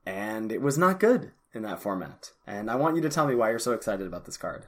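A man co-hosting a podcast chats casually about card-game strategy, very animated and brisk, with a fairly low voice. He often restarts his sentences hesitantly and argues a skeptical point.

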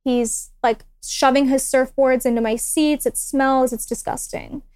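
A young woman with a high, clear, smooth voice tells a personal story on a podcast. She talks in a relaxed, chatty way and acts out other people's lines as she goes. The sound is close and dry. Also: a little slow, no room sound. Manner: animated, acts out quoted dialogue. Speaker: guest. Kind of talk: casual storytelling.

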